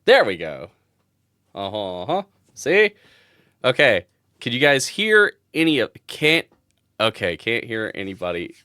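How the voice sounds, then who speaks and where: Male game master, slow-talking and lively in pitch, flustered and self-mocking. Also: dry recording, studio quality. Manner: flustered, self-deprecating, muttering to himself. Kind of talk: casual stream setup chat.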